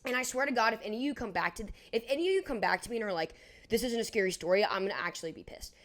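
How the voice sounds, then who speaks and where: A young woman in her twenties co-hosting a podcast, telling a story in a casual, animated way, filling it with "like" and acting out what people said. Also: mid-range voice. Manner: animated, heavy use of "like", acts out dialogue. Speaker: podcast co-host.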